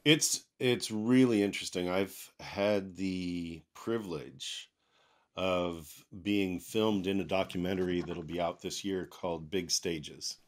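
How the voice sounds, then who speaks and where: A man with a fairly low voice talks as a guest on a casual podcast. He tells animated stories and slips into quoted voices, recorded on a desk microphone at home. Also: slow. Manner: animated storyteller with frequent laughs and quoted voices. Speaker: guest speaker and author. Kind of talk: casual conversational interview. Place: home office.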